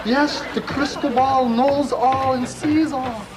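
A woman's voice: sits high, steady tone, slow, crowd noise. A performer playing a theatrical female fortune teller with a mystical, sing-song manner, in a noisy old TV clip.

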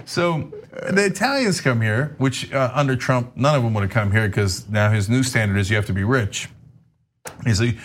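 A middle-aged man hosting a podcast, chatting casually and telling animated food stories, laughing often and acting out other people's lines. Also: on the high side, slight background noise. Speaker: podcast host. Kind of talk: casual chat.

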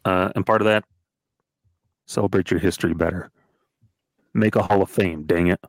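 A man's voice: deep voice, fairly even intonation, moderate pace, no echo. A young man co-hosting a casual sports podcast, talking loosely with many fillers and restarts. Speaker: podcast co-host.

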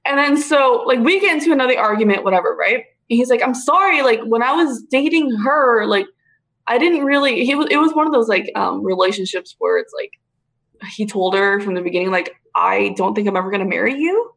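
Animated young woman telling a story. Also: on the high side, brisk, vocal fry, low-quality recording. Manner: animated storyteller, swears freely, says dude and bro. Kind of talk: casual chat.

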